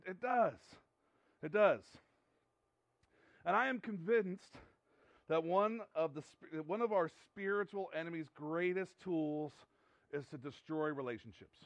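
A man's voice: sits high, a bit bright, no echo, lo-fi sound. A man preaching a sermon in an earnest, conversational way, often repeating himself and restarting sentences. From United States. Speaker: pastor.

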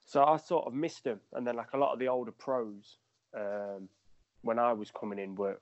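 A man's voice: medium pitch, steady tone, normal speed, dry recording. A man, a footballer guest on a podcast, rambling through anecdotes and laughing as he tells them. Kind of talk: casual storytelling. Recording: dull lo-fi dry sound.

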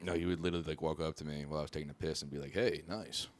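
A young man, a comedian guesting on a podcast, talking in a relaxed way and saying dude and bro a lot. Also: rumbling low, very fast, dry recording. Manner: laid-back, says dude and bro a lot. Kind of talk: casual podcast chat. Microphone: studio mic.

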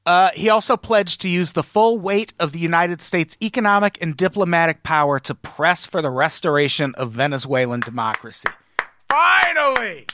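A man's voice: a little high, a little fast, hardly any pauses, a bit bright, dry recording. A man co-hosting a comedy podcast, reading news items aloud and riffing on them with dry sarcasm. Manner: sarcastic, reads news items then riffs. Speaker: podcast co-host.

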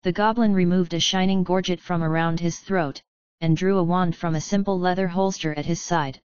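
A woman narrating a fantasy audiobook in a measured, steady reading. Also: lowish voice, clear, resonant tone, no echo, highs cut off.

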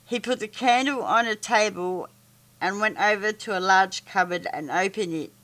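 A woman reading a children's story aloud, halting with stumbles and restarts. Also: medium pitch, a bit bright.

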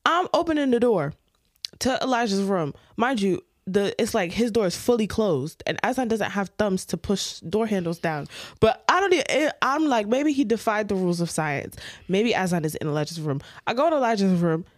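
A young woman co-hosting a podcast, telling a story in a casual, animated way and acting out the scenes. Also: medium pitch, normal speed, no echo, clean studio sound. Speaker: podcast co-host.

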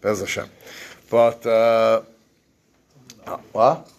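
A man with a lowish voice and level tone speaks very slowly while teaching an evening Torah class. He reads the verses, translates them, and acts out what the people said, using Yeshivish English sprinkled with Hebrew phrases.

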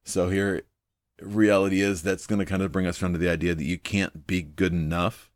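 A man's voice: low voice, flat delivery, brisk, no echo, studio quality. A man hosting a devotional video, teaching from the Bible in an earnest, thinking-aloud way, full of ums and repeating his main points.

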